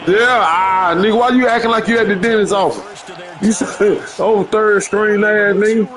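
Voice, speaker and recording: A man streaming a football video game, loudly trash-talking his online opponent with slang and profanity. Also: high-pitched, fairly even intonation, normal speed. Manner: loud, boastful trash talk with heavy slang and profanity. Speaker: gamer streamer.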